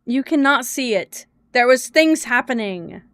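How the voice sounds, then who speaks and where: Exasperated woman streamer, slightly high voice. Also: lively intonation, unhurried, a bit bright, smooth, no room sound. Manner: exasperated, swearing, laughing at herself. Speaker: game streamer. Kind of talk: casual live-stream chat.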